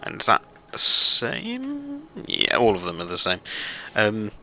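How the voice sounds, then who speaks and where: A man's voice: fairly low pitch, wildly swooping pitch, takes it slowly, pushed and bright, slight background noise, low-quality recording. A man hosting a let's play, rambling through casual gameplay commentary with lots of fillers and self-deprecating asides.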